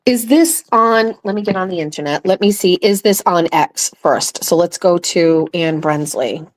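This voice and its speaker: A woman's voice: on the low side, moderate pace. A woman hosting her own show, ranting angrily and with profanity about a political campaign from a home setup. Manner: angry, profane, heated ranting. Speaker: host.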